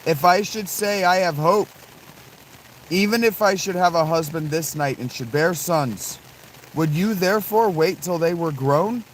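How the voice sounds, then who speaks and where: A man voicing a bitter, aging widowed mother-in-law who pleads insistently, his pitch lifted a little. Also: unhurried, a little hiss or hum, close to an everyday voice, rough recording. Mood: pleading.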